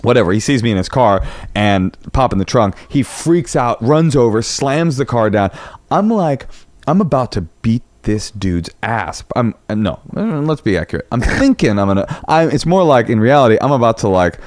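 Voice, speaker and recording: A man telling a story as a comedian guest on a podcast, animated, cursing freely and acting out what people said. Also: normal speed, no room sound. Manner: animated, acts out quotes with big pitch jumps, swears freely. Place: home podcast room.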